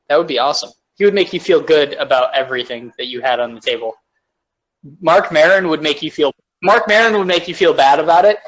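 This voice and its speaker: A young man co-hosting a podcast in a rambling casual chat, full of fillers and loud laughs. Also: fairly high pitch, rough recording. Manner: rambling, laughs loudly, lots of "like". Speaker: podcast co-host.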